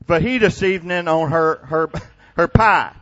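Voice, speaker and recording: Folksy older pastor. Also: male voice, on the high side, slow pace, fairly bright tone, muffled recording. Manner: folksy storytelling with laughs and stammered restarts. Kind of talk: sermon. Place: church before a congregation.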